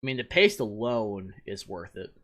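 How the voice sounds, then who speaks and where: A man co-hosting a podcast, chatting casually with relaxed, profane banter. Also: fairly low pitch, normal speed. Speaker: podcast co-host. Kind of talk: casual chat.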